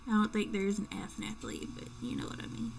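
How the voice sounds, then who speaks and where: A woman's voice: mid-range voice, fast talker, creaky, noisy background. A young woman giving casual let's-play commentary at home at night, chatty and joking, with playful whispered asides. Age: young adult.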